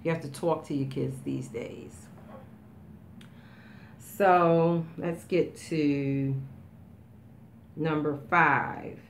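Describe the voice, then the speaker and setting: A woman's voice: deep voice, creaky, a little hiss or hum. Emotional, rambling woman in her fifties. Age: 50s. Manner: emotional, rambling, halting with fillers. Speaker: vlogger. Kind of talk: casual tag video, answering questions.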